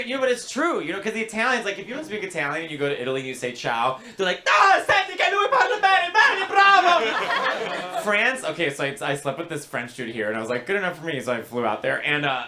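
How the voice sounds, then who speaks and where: Doing crowd work at a comedy club, a man with a rather high voice is animated and swears, slipping into other accents and foreign phrases.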